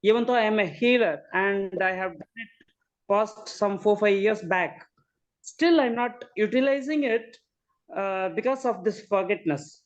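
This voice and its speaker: A woman's voice: medium pitch, a little slow. A woman asks her coach a question in a hesitant, searching way. Her audio comes through a dull, muffled call connection. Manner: hesitant, many fillers and okays. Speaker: caller asking questions. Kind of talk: asking questions on a group call.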